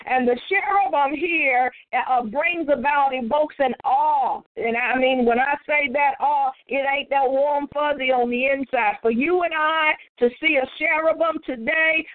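A woman's voice: sits high, normal speed, few pauses, dry recording. A woman pastor leading a morning Bible study, preaching in a folksy way, citing scripture references and repeating points for emphasis. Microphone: phone conference line. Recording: phone-line broadcast, dry.

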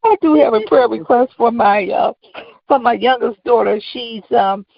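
Gravelly woman caller on a phone line. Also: a little high, normal speed, no echo. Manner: rambling, with fillers and restarts. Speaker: caller with a prayer request. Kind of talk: casual spoken prayer request. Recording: dull lo-fi conference call.

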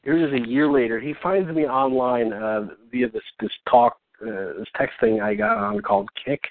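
A man's voice: medium pitch, animated, moderate pace, vocal fry. A man hosting a casual talk show, rambling through a long story and acting out both sides of the conversations. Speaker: podcast host and artist. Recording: tinny phone-like dry sound.

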